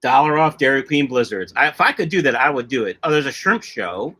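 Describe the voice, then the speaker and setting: A man's voice: medium pitch, lively intonation, fairly quick, pushed and bright. A middle-aged man hosting a casual livestream, chatting loosely and reading out viewer comments in a jokey way. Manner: chatty, jokey, drifts off topic. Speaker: livestream host of a fish-keeping channel.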